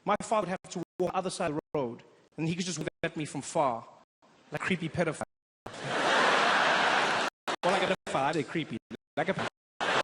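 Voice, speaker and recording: A young man from South Africa doing a stand-up comedy routine, an animated storyteller who breaks into loud impressions. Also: on the high side, very noisy.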